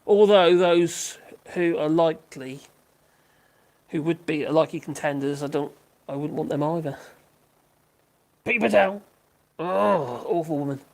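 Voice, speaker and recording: A woman's voice: sits low, measured pace, long pauses, a little mellow. An older woman, chatting casually on a livestream, reading out viewer comments and rambling with frequent giggles and restarts. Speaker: livestream host.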